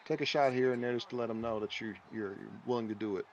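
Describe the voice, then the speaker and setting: A man's voice: mid-range voice, steady tone, fast talker, lo-fi sound. A man in a game tournament chatting casually and easygoingly about his strategy. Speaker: tournament player and guest. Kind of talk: casual chat.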